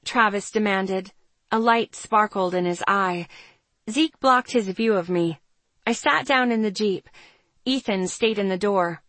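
A woman's voice: medium pitch, unhurried, a bit bright, no room sound. Woman narrating a story, close and dry. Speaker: audiobook narrator. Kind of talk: first-person audiobook narration.

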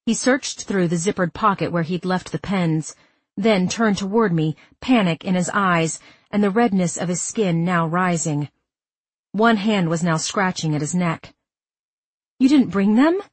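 Female audiobook narrator, low breathy tone, dry close sound, steady first-person reading. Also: unhurried, dry recording.

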